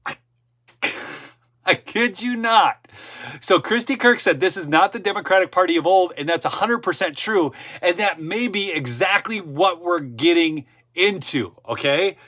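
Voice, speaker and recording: Bright-voiced man ranting on a livestream. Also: high-pitched, animated, measured pace. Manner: ranting, emphatic, repeats for effect; frequent "okay?" asides and self-interruptions. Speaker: political livestream host. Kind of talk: casual political livestream commentary.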